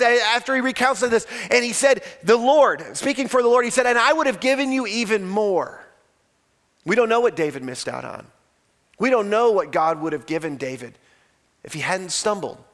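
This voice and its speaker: A male pastor preaching a sermon, retelling a story dramatically, swinging from loud outbursts to hushed lines. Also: sits high.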